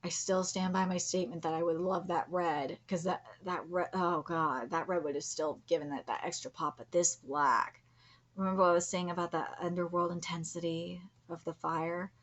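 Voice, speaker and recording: A woman's voice: lowish voice, fairly even intonation, moderate pace. A young woman hosting a live reaction stream, gushing over comic pages and swearing freely.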